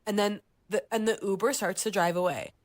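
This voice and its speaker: A woman in her thirties co-hosting a podcast, telling a story in a lively way and acting out the voices of people she quotes. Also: fairly quick, no room sound, studio quality. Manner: animated storyteller, acts out voices and jumps up high for quoted lines. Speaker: podcast co-host. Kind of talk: casual chat, telling a story.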